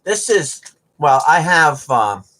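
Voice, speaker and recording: A man's voice: a little high, sing-song, slow, fairly bright tone, slight background noise. A man chatting casually and rambling on a livestream, joking and laughing often. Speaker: livestream host.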